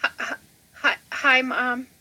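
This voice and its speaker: A woman's voice: high voice, level tone, drawn-out words, heavy background noise. A woman co-hosting a casual podcast, playful and full of jokey asides. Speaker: podcast co-host.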